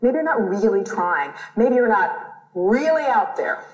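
An actress playing a female motivational speaker in a TV series, preaching positive thinking in a calm, insistent way. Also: medium pitch, measured pace. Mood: preachy. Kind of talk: TV series acting. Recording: roomy, dull TV clip audio.

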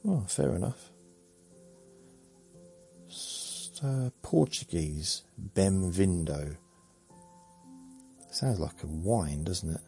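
Male host, gravelly and unhurried, meandering bedtime ramble that trails off. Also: low-pitched, very animated, a little mellow, faint music behind. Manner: meandering, muttered asides, trails off. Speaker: sleep podcast host.

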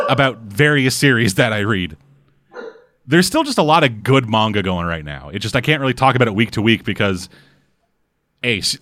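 A man's voice: on the low side, no room sound. Casual man with dry close sound. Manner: animated, swearing, acts out quick character voices. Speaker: podcast co-host. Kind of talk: casual chat.

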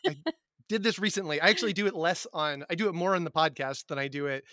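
A man's voice: on the high side, quick pace, pushed and bright, no echo, clean studio sound. A man hosting a teachers' podcast, chatting casually, joking at his own expense and laughing often. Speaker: podcast host.

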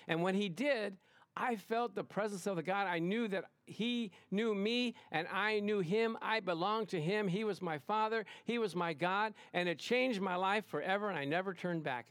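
A male pastor preaching a lively sermon to his congregation, emphatic and excitable, often calling out "Amen?". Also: high voice, normal speed, no room sound. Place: church service in front of a congregation.

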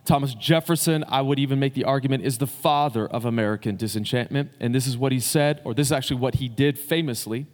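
A male pastor preaching to a congregation in a loose, conversational way, pausing on fillers and restarting sentences. His mid-pitched voice carries a long reverb tail from the church hall around him. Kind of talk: sermon. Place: church sanctuary.

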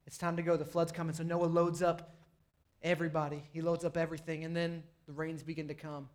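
A young man with a high, light voice delivers a lively, conversational sermon. He talks straight to the congregation and jumps into little acted-out quotes. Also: a little fast. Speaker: pastor.

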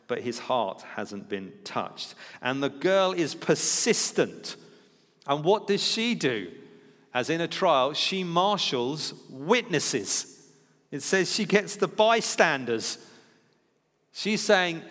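A man's voice: a little high, animated, a little slow, fairly bright tone, big-room sound. A man preaching a sermon in a conversational teaching style, acting out the lines he quotes. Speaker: pastor.

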